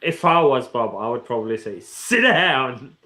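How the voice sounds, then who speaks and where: A man's voice: medium pitch, animated, brisk, fairly bright tone. Careful man asking for clarity. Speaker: podcast co-host. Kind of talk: casual chat.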